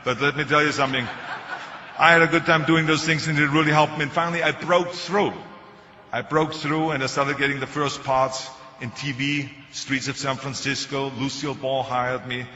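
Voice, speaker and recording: A man's voice: mid-range voice, fairly even intonation, moderate pace, pushed and bright, a little hiss or hum. An older man with a German accent gives a speech. He tells stories with a joking edge. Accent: German-accented English. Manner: joking anecdotal storytelling. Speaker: motivational speaker. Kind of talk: public speech. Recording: echoey hall, dull sound.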